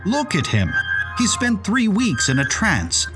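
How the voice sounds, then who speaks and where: A man's voice: mid-range voice, sing-song, moderate pace, over loud music, natural voice. A man voicing a young woman who speaks bold, blunt and earnest. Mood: fierce. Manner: fierce, earnest.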